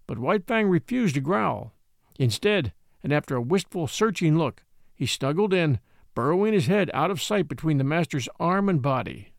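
A man narrating a classic adventure novel in an expressive storytelling style. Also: a little high, normal speed, creaky, no room sound, studio quality. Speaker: audiobook narrator.

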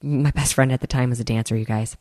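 A woman telling her own story in a casual, animated way, acting out the people she quotes and speaking straight to her listeners. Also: a bass voice, fast, dry recording, clean studio sound. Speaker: host telling a personal story.

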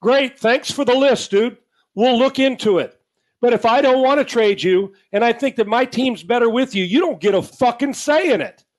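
Profane ranting man with a high voice. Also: moderate pace. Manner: profane, blunt, ranting with mock dialogue. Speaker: sports talk host. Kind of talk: heated sports talk rant.

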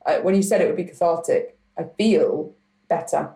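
A woman guest on a comedy podcast, talking in an animated, rambling way with a casual swear or two. Her voice sits a little low, and it carries a clear room echo around it. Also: moderate pace.

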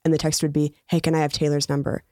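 A woman comedian as a podcast guest, telling stories in a chatty, animated way. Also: sits low, fast, dry recording, studio quality. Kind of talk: casual chat.

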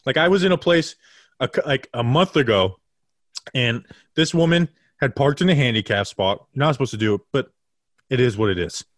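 A man in his late twenties, co-hosting a podcast in casual chat, telling stories in an animated way and acting out the people he quotes. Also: medium pitch, normal speed, no room sound, studio quality. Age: 20s. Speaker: podcast co-host.

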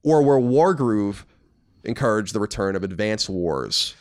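He speaks a little slowly in a fairly low voice, co-hosting a gaming podcast. The talk mixes easygoing chat with a news rundown, delivered with lively opinions and offhand profanity.

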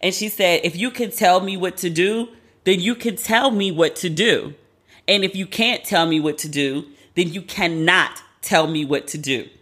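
A woman's voice: fairly low pitch, normal speed, fairly bright tone, breathy edge. A woman hosting a podcast alone, talking in a chatty, candid, profane way. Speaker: podcast host. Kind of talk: casual solo commentary.

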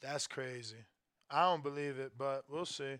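A young man hosting a casual podcast, arguing in a slangy, quick back-and-forth and taking callers. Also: medium pitch, fairly even intonation, a bit bright. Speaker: podcast host. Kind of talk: casual chat.

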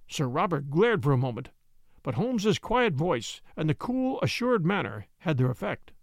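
Male audiobook narrator, measured storytelling, gravelly, dry close recording. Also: on the high side, sing-song, no echo. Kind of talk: scripted narration.

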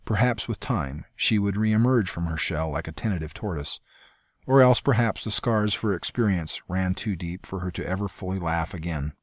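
Male audiobook narrator, low register, dry close recording, steady pacing. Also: no echo. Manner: steady, measured storytelling. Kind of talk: scripted fantasy narration.

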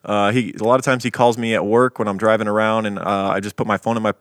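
A man co-hosting a true crime podcast, relaxed and chatty, slowing down to read out listener reviews. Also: on the low side, no room sound, studio quality. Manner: laid-back, slows down to read reviews. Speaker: podcast co-host. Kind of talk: casual podcast banter, reading listener reviews.

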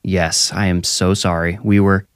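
A man's voice: low-pitched, little pitch movement, measured pace, clear, resonant tone, no room sound, studio quality. A man voicing a frustrated male executive who complains and pleads during a traffic stop. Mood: exasperated. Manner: complaining, placating.

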